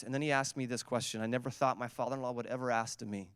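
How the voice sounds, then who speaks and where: A man's voice: mid-range voice, rapid-fire, hardly any pauses, clean tone, no echo, clean studio sound. A man, preaching a sermon and telling a story, acting out the quotes with energy. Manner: storytelling, animated, acts out quotes. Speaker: pastor.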